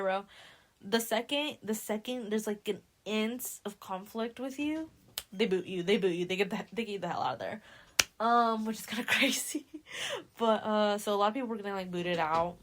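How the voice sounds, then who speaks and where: On her podcast, a young woman with a medium-pitched voice gives a laid-back, slangy recap of a novel, voicing the characters' lines herself. A little hiss or hum is audible.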